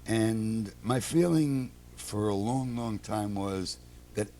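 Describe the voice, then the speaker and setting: A man being interviewed, telling relaxed anecdotes and acting out the people in them. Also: on the low side, slow pace. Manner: animated, acts out quoted people. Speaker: interview guest, theater producer.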